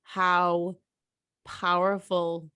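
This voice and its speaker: Low-voiced woman host, dry sound. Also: flat delivery, very slow, sharp tone, clear, resonant tone, dry recording. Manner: earnest, affirming questioner. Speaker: podcast host. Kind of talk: interview conversation.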